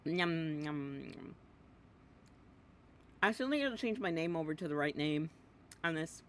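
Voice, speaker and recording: Bright, rambling woman streamer. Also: sits low, animated, brisk, slight background noise. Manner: rambling, giggly, jumps between topics; talks while eating, mumbling "yum" and "nom" to herself. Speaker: game streamer. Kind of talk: casual gameplay chatter.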